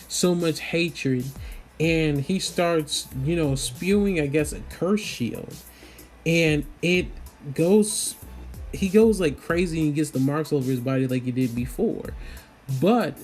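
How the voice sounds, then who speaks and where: A man's voice: a little high, darkish tone. A man casually recapping an anime episode in a loose, rambling way, full of fillers. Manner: rambling, loose, lots of "you know" fillers.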